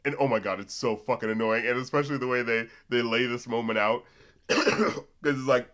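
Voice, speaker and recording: A man co-hosting a casual podcast review chat, animated, laughing often and swearing freely. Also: mid-range voice, fairly quick. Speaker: podcast co-host.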